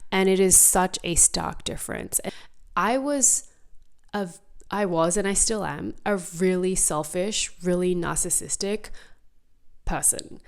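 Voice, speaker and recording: A young woman from Australia with a softened Australian accent, hosting a frank, confessional solo podcast with plenty of ums and likes. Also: on the low side. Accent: Australian, softened by US years. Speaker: podcast host. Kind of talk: candid solo podcast monologue. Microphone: seen on screen, talking to camera.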